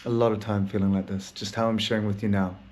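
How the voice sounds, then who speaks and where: A man with a lowish, darkish voice and little pitch movement talks at a quick pace in a candid solo episode of his own podcast. He's a podcast host and therapist, and the monologue is melancholy and rambling, with heavy swearing and occasional laughter through the sad talk.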